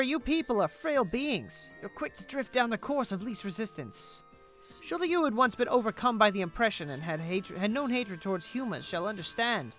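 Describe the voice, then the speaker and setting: A man voicing an ancient, enormous sea spirit in a formal, measured, old-fashioned way, reading game dialogue aloud. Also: sits high, sharp tone, voice pushed up.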